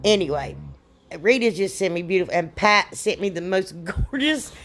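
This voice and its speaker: A middle-aged woman talks through her crafts in a chatty voice-over. She rambles and drifts off topic with a folksy warmth of phrase, and keeps saying "y'all" to her viewers. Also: medium pitch, animated, moderate pace. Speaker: DIY crafts channel host.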